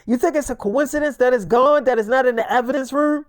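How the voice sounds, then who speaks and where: A woman's voice: sits high, fast talker, no echo, studio quality, natural voice. A woman voicing a man who is an uneasy, resentful deputy partner, insistent and swearing. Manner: profane, insistent.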